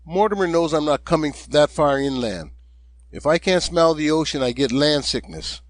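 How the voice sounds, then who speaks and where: A man's voice: a little high, lively intonation, moderate pace, natural voice. A man voicing a jovial, one-legged old sea captain in an audiobook, speaking in a hearty, genial way.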